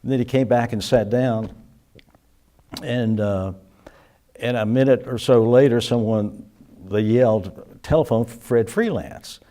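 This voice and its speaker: A man's voice: medium pitch, fairly even intonation, unhurried, long pauses, mellow. An older man, a musician, reminiscing in a casual interview, rambling with many restarts and chuckles.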